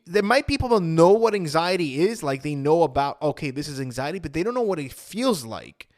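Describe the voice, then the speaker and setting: A man's voice: fairly high pitch, sing-song, a little fast, few pauses, darkish tone, no echo, clean studio sound. A man telling his personal story, re-enacting his own past words with rising emotion and saying "I'm like" again and again.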